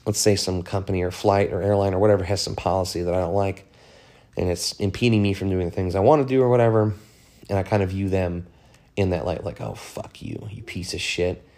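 Deep-voiced guy doing a solo podcast rant, swears a lot, rambles with lots of "you know"s. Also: fairly even intonation, fast talker, warm tone. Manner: profane, frank, rambling with many fillers. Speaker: podcast host. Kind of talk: casual solo monologue.

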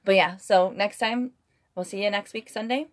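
A woman's voice: mid-range voice, normal speed. An American woman co-hosting a podcast, chatting casually in an upbeat, giggly way. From United States. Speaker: podcast co-host. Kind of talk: casual chat.

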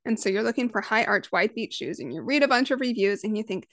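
A woman in her thirties, a parenting coach, talking through her ideas on her own podcast in a lively, conversational way. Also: medium pitch, fast talker, dry recording, clean studio sound. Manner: conversational, lively, acts out quoted voices. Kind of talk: solo podcast monologue.

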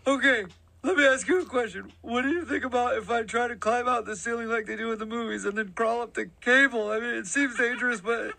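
A man's voice: extremely high pitch, a little fast, creaky, pushed and bright. A man doing a radio prank call, pleading and panicking as if he were trapped in an elevator, with nervous laughs.

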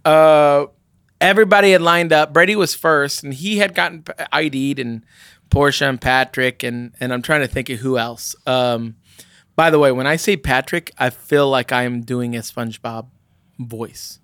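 A man's voice: medium pitch, normal speed, a bit bright, smooth, no room sound, studio quality. A man casually telling a long anecdote, rambling with many fillers and restarts.

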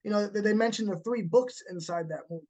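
A man hosting a casual horror podcast chat, animated and quick to act out scenes he describes. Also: high-pitched. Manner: animated, acts out movie moments with laughs. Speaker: podcast host.

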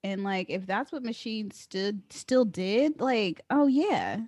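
High, lively woman host, dry close sound, laughs and reacts a lot. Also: takes it slowly, no echo. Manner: reactive, laughs often, swears casually. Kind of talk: casual chat.

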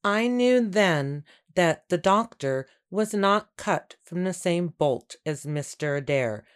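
Audiobook narrator: woman, low voice, slow and earnest, introspective first person. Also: animated, smooth.

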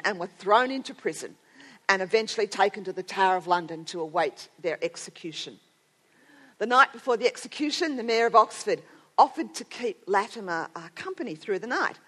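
A middle-aged woman giving a sermon to women, telling a story earnestly and building to strong emphasis. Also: medium pitch. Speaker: speaker at a women's gathering.

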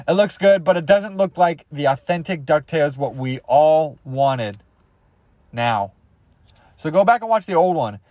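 A man's voice: fairly high pitch, expressive, measured pace, long pauses, a little mellow, no room sound. A young man hosting a podcast, rambling through crude, goofy comedy bits and jumping into silly voices. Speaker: podcast host.

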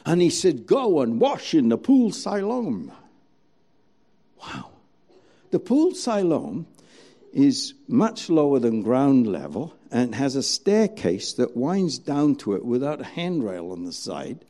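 A man's voice: mid-range voice, sing-song, slow pace, warm tone. A man preaching a sermon, telling a story and acting out its scenes dramatically.

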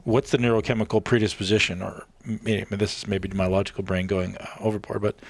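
A man's voice: fairly low pitch, little pitch movement, fast. A man from Canada, a podcast guest, talking casually and swearing freely as he acts out quoted voices.

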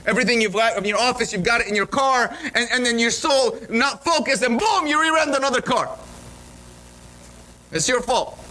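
In a church sanctuary, a male pastor preaches a sermon, telling a story with great energy and restarting often. His voice is high-pitched, and the poor-quality audio carries a slight hiss or hum.

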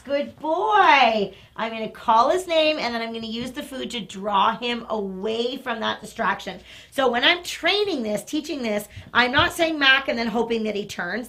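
Woman dog trainer, bright tone, demonstrating outdoors, step-by-step explainer with quick asides to the dog. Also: a little high. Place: outdoors near a train station.

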